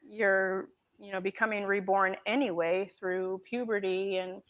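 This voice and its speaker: A woman talking as a guest in a relaxed chat, wandering through her thoughts and perking up when something matters to her. Her audio comes through dull and lo-fi, with the top end muffled. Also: medium pitch, unhurried. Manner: rambling, many fillers and restarts, animated when making a point. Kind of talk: casual conversation.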